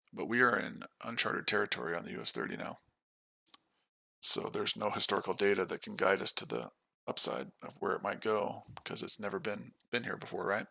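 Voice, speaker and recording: A man's voice: low-pitched, vocal fry, bright, forceful tone, no room sound. A tired man hosting a live trading stream, talking through his trades in a matter-of-fact, casual way. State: tired from no sleep. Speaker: day trader and stream host.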